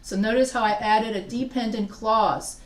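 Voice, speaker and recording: A woman with a higher-pitched voice lectures a live writing class at a normal pace with fairly even intonation. She talks casually, often restarting her sentences and checking in with her students. The recording sounds distant, picked up from afar in an echoey room.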